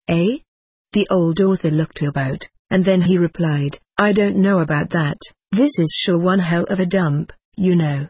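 A narrator reads a humorous tale with wry, dry humor. The voice is husky and sits at a middle pitch, and the recording is close and dry. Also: a little mellow, dry recording.

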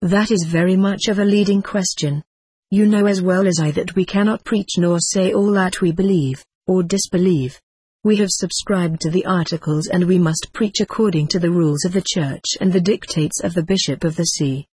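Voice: mid-range voice, steady tone, moderate pace, a little mellow, breathy edge, no room sound, close to an everyday voice. A reader voicing a prim, formal country rector in a storybook. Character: fussy country rector, older man.

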